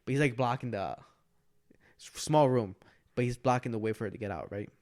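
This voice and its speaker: A young man talking casually on a podcast at an everyday middle pitch. He rambles through a long story in a loose, conversational way, slipping into quick impressions of the people in it. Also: darkish tone. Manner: rambling storyteller who acts out other people's lines. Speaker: podcast co-host.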